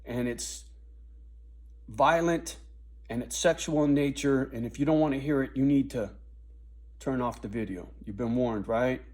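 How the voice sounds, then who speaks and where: A man speaks straight to camera, recounting a hard personal story in a raw, unfiltered way. His voice is husky and his pitch is of middle height. He swears often and speaks with blunt intensity. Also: darkish tone. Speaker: vlogger.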